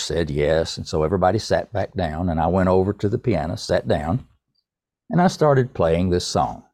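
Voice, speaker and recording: An older man, a podcast guest, telling a personal story in a folksy, unhurried way and addressing the host by name. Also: deep voice, a little mellow, no echo, clean studio sound. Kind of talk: casual storytelling.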